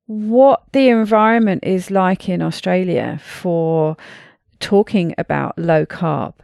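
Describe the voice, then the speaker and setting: A woman podcast host who asks her guest questions in a measured, deliberate way. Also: fairly low pitch, creaky, darkish tone, no echo, studio quality. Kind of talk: interview questions and read sponsor ad.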